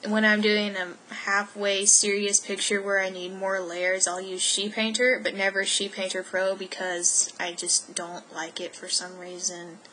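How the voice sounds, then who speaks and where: A teenage girl from Texas chats casually in a home vlog, her voice bright and clear. She rambles, restarts and fills gaps with ums. A faint noise floor sits under the recording. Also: medium pitch, rough recording. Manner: rambling, self-interrupting, with many fillers. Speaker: vlogger.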